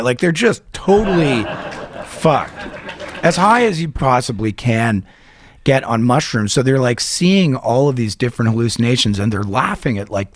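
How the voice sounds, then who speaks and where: A man co-hosting a comedy podcast, telling a story in a rambling, animated way and swearing a lot. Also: mid-range voice, normal speed, no room sound. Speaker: podcast co-host.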